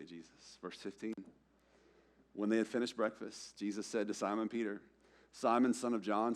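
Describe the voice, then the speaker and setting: A young man with a slightly low voice preaches in a church, talking like a friend rather than from a pulpit. He acts out the characters in quick asides, rising loud and excited, then dropping to a near hush. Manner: conversational preaching with casual slang and acted-out quotes; swings from loud and emphatic to low and hushed. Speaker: pastor. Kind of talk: sermon.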